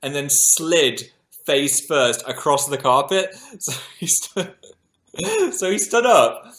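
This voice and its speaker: A man's voice: a little high, takes it slowly. A man in his thirties chatting casually on a livestream, telling stories animatedly, laughing often and poking fun at himself. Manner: animated storytelling, self-deprecating, laughs often. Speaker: livestream host.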